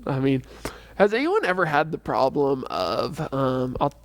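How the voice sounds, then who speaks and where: A youth Bible teacher with a medium-pitched, sing-song voice talks a little slowly. He leads a casual church youth lesson, rambling and chatty, with lots of fillers and restarts.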